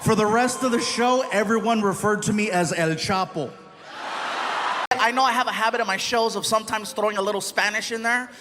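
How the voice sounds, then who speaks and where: High-voiced, animated male stand-up comic. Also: a little fast, background noise. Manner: animated storytelling with acted-out voices and bursts of shouting. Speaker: stand-up comedian. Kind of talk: stand-up comedy routine. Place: live comedy stage.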